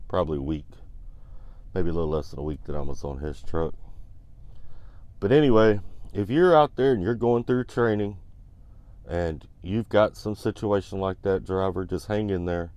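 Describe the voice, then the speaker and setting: A man's voice: low-pitched, normal speed, long pauses, a little mellow. A man telling a trucking story in a blunt, laid-back way, full of "you know". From United States. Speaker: trucking vlogger. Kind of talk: casual storytelling.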